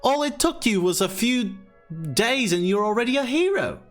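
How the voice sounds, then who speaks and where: A brash young woman with a sharp tongue, voiced by a man who pushes his voice far up into a high, mocking register. She talks loudly and teases freely in this tabletop game scene. Faint music plays underneath. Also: sing-song, moderate pace, exaggerated voice. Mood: teasing. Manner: loud, mocking, high put-on voice. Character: brash teasing young woman, the hero's best friend.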